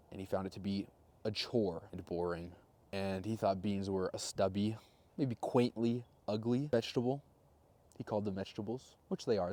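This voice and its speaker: A man in his twenties telling a rambling, self-mocking personal story in a casual vlog monologue, with deadpan jokes. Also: on the low side. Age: 20s. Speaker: vlogger.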